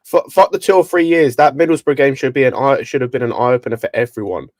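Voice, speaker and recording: A man's voice: mid-range voice, quick pace, darkish tone, dry recording. A young man on a football panel who talks in a blunt, heated way. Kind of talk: casual football chat.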